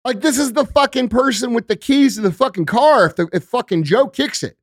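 A man's voice: extremely high pitch, fairly quick, dry recording. Profane ranting man, dry close mic. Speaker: guest. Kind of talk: heated podcast rant.

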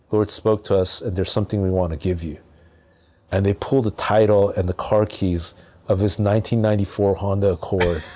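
A man from Southern California, a podcast guest, telling a personal story in a casual, animated way with lots of fillers. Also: fairly low pitch.

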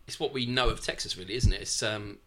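A man's voice: lowish voice, fast talker, bright, forceful tone. A man in a casual conversation, animatedly picking apart a film's logic and asking rhetorical questions. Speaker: podcast co-host. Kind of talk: casual film discussion.

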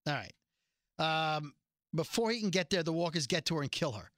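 On a casual podcast, a man jokes his way through a TV episode recap, wandering into frequent tangents. The sound is close and dry, without echo, and his bright, slightly high voice is very animated at a fairly quick clip.

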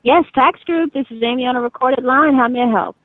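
A woman answering calls for a tax relief company, brisk and matter-of-fact. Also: sits high, dry recording. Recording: tinny dry phone line.

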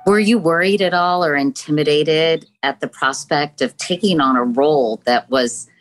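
A woman from Virginia conducts an interview, asking her questions in a chatty, conversational style. Her voice is strikingly deep for a woman, sitting at the very bottom of the range. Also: moderate pace, faint music behind. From Virginia, USA.

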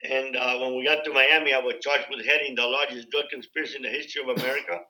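A man's voice: mid-range voice, little pitch movement, fast, pushed and bright, poor audio. A man telling his own story in a loose, conversational way, with frequent fillers and acted-out quoted dialogue. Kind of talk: casual spoken storytelling.

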